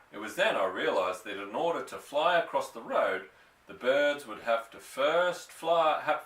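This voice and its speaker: A man narrating a children's story in an expressive, measured reading. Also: medium pitch. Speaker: audiobook narrator. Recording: roomy, from a distance.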